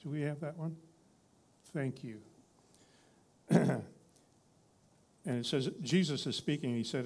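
A man's voice: fairly high pitch, slow, vocal fry, long pauses, a little mellow, slightly rough. A man preaching a sermon in a conversational teaching style, reading scripture and building to emphatic repeated lines.

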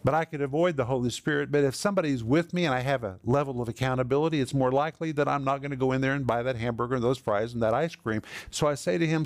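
A man's voice: medium pitch, fairly quick, few pauses, no echo. A man preaching a sermon as pastor, candid and practical, building points with dramatic repetition.

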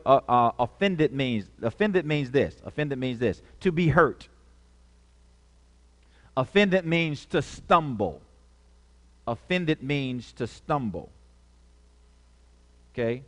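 Preacher man in a reverberant hall. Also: mid-range voice. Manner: call-and-response preaching, repeats key phrases. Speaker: pastor. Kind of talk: sermon.

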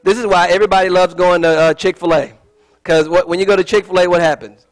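A man's voice: high-pitched, steady tone, fast, poor audio. Chatty man teaching a sermon. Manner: chatty and digressive, with joking asides. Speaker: Bible teacher.

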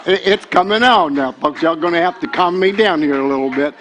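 An older man, preaching a sermon as pastor. He repeats words and builds to shouted excitement. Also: on the high side, a little fast, few pauses.

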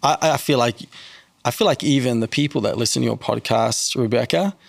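A man's voice: medium pitch, fairly quick, creaky, dry recording. A man talking casually as a podcast guest, telling faith stories and acting out the people in them with a raised voice. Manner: animated, acts out quoted people in a raised voice. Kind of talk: casual faith talk with storytelling.

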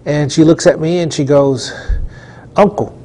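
A male preacher with a somewhat high voice tells a testimony in a studio. He speaks earnestly and drives his points home with emphatic repetition. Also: fairly even intonation, moderate pace, dark tone. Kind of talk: storytelling sermon testimony.

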